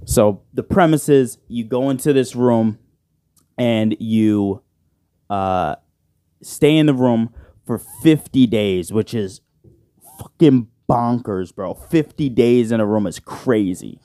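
A man's voice: medium pitch, slow pace, mellow, dry recording. A man hosting his own podcast alone, rambling and joking with plenty of swearing, talking into a studio microphone. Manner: rambling, profane and joking, with frequent "bro". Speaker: podcast host. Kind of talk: casual solo podcast chat. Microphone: side-address studio microphone.

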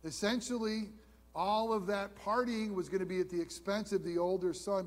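Animated preaching man, high voice. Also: normal speed, in a large hall. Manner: animated preaching, swings from loud exclamations to hushed asides. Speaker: pastor. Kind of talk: sermon. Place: church sanctuary.

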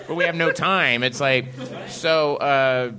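A comedian telling lively anecdotes at a live venue, slipping into voices as he goes. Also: on the high side, takes it slowly. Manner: animated, breaks into voices and laughs. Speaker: comedian, guest on a live talk show.

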